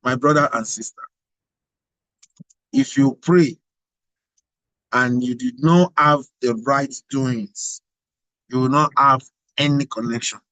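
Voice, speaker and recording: A man's voice: medium pitch, steady tone, takes it slowly, pauses often, a bit bright, no echo, rough recording. A man giving an emphatic motivational address, full of repetition and rhetorical questions. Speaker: global president of organization.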